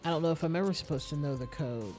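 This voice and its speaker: A game streamer murmuring wry, casual commentary while playing. The voice stays at a middle pitch, with faint game music underneath. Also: very fast. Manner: quiet, wry, reads item names aloud.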